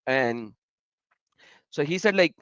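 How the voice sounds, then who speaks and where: Lively male stream host, dull dry sound. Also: a little high, measured pace, no room sound. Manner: animated, laughing storyteller who addresses chat viewers. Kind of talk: casual live stream chat.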